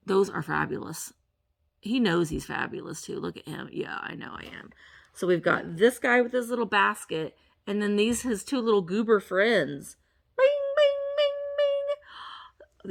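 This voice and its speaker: A woman vlogger with a gravelly, bright voice, chatting through an unboxing in an unhurried way. She gushes over every item she pulls out and talks playfully to the little objects as if they could answer. Her pitch swings up and down with lively excitement. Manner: gushing, exclaims over each item. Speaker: reseller vlogger. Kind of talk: casual unboxing chat.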